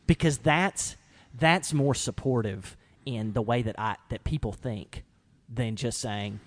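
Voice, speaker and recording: A man of mid pitch hosts a relaxed conversation. He speaks in an animated way, jumping up in pitch as he plays out little quoted lines. His voice has a plain, everyday sound. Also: measured pace. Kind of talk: casual podcast discussion.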